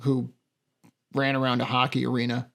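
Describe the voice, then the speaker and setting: A man's voice: mid-range voice, monotone, normal speed, vocal fry, fairly bright tone. A man co-hosting a podcast in casual chat, joking and laughing often as he tells anecdotes. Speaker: podcast co-host.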